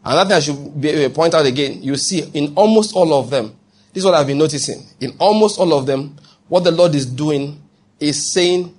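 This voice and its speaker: In a fairly high, husky voice and at a slightly fast pace, a male pastor delivers a lively sermon. He swings between emphatic preaching and playfully acting out quoted voices, often checking whether the congregation is following.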